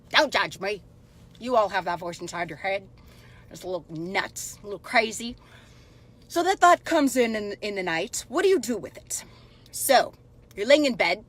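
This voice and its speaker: A woman's voice: mid-range voice, fairly bright tone. A woman in her thirties coaching live and talking straight to her viewers in a chatty, upbeat way. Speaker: life coach hosting a live stream. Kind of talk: casual live-stream coaching talk.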